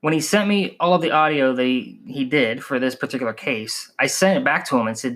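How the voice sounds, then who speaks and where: A man from the northern United States hosting a podcast, telling the story in an animated, emphatic way. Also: mid-range voice, a little fast, few pauses. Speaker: podcast host. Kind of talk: podcast narration.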